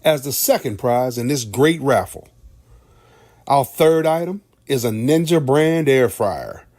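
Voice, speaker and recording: A man reading out a raffle announcement in a measured way, spelling out letters. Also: mid-range voice, lively intonation, darkish tone. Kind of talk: read announcement.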